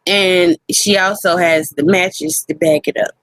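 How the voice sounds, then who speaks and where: A woman co-hosting a casual wrestling podcast, animated and profane, laughing often. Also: fairly low pitch, unhurried, dry recording. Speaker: podcast co-host.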